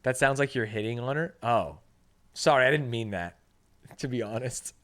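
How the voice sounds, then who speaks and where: A man's voice: mid-range voice, normal speed, a bit bright. A male game streamer giving casual, joking, profane commentary while playing.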